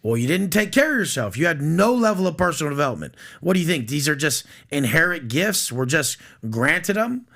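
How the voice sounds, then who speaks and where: A man's voice: fairly high pitch, sing-song, fairly quick, creaky, hardly any pauses, a bit bright. A man talking bluntly and profanely as a guest on a podcast. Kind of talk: casual podcast chat.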